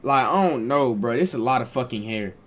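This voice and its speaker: A young adult man streamer telling a casual storytime, animated, slangy and profane. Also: medium pitch, a little fast.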